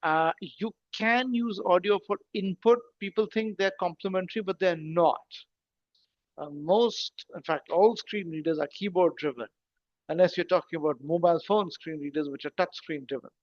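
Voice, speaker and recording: A man, a guest on an online call, explains his topic in a lively, conversational way. His voice sits a little on the higher side. He breaks ideas into steps and poses rhetorical questions to his listeners. The audio is dry and slightly dull, like lo-fi call sound. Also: normal speed, dry recording. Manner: explains things step by step with rhetorical questions and asides. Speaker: guest speaker. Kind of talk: conversational talk in an online session.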